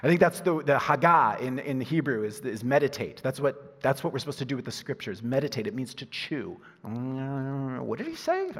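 A man preaching a sermon as a pastor, animated, moving from loud emphasis to hushed asides and laughing at himself. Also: medium pitch, fairly quick, few pauses. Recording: husky voice in a reverberant hall.

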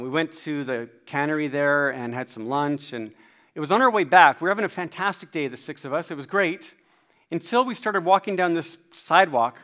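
A man preaching a sermon, telling a personal story in an animated, self-deprecating way. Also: a little high. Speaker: pastor.

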